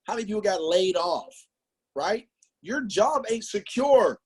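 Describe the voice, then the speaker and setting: A man's voice: high-pitched, expressive, a little slow, breathy edge. A man giving an emphatic, motivational sales presentation on a business call, talking straight to his audience. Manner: hyped, emphatic, talks to the audience directly.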